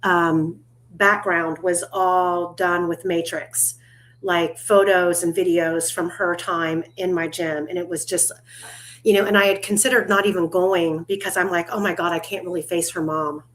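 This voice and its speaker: A woman's voice: lowish voice, steady tone, unhurried, fairly bright tone, a little hiss or hum. Chatty woman hosting a livestream. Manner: chatty, laughs often, swears casually. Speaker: livestream host. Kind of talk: casual chat.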